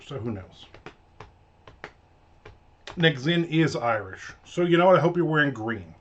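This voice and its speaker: A man's voice: mid-range voice, fairly bright tone, dull audio. Rambling, joking man in his fifties. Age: 50s. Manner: rambling, joking storyteller who mimics his mother. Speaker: author streaming a live writing session. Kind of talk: casual live-stream chat.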